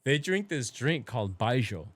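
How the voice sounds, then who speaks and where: A man from Brazil, a podcast guest, telling a long story in a casual, profane, animated way and acting out the people in it. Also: medium pitch, moderate pace, dry recording. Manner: profane, animated, acts out quoted voices.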